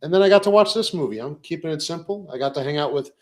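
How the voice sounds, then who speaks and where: A young man co-hosting a podcast, chatting casually in a relaxed, rambling way with many fillers. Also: fairly high pitch, quick pace. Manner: easygoing, rambling recaps with fillers. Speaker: podcast co-host.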